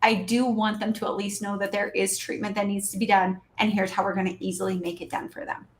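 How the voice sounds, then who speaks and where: The speaker is a dental practice consultant on a podcast, animatedly coaching listeners with practical advice and dramatizing dialogue between patients and staff. Her medium-pitched voice is brisk and level in tone.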